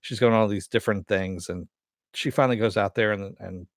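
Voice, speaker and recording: Male reviewer, lower register, dry booth sound; loose conversational recap full of fillers. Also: fairly quick, no echo. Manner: rambling, many "you know" and "uh" fillers. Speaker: TV episode reviewer. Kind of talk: casual episode recap.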